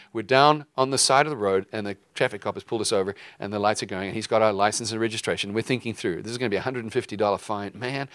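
A man preaching a relaxed teaching sermon, his voice sitting at an ordinary middle pitch. He talks lively and playful, slipping into little acted-out voices and quick jokes. The sound is dry and close, with no room echo. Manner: lively, acts out quoted voices with jokey asides.

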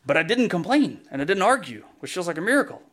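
A man's voice: high voice, big pitch swings, quick pace, a bit bright. A male pastor giving a conversational sermon, telling a story with self-deprecating humor and a casual delivery full of fillers.

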